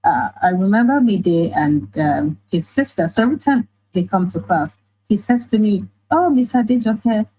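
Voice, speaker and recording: Warm, husky Nigerian woman teacher. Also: lowish voice, moderate pace, poor audio. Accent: Nigerian English. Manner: animated, often laughing, acts out quoted voices. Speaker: online teacher and writer. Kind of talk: casual interview conversation.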